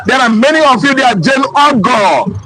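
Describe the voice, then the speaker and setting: A man's voice: very high-pitched, moderate pace, a crowd in the background, poor audio. A Nigerian man hosting a live-stream chat, calling out viewers' names. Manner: reads out viewers' names with lively calls. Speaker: show host.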